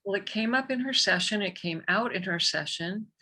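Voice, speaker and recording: A woman guest on a podcast, an energy healer telling a story in a lively, conversational way. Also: medium pitch, moderate pace. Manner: animated, vivid storyteller.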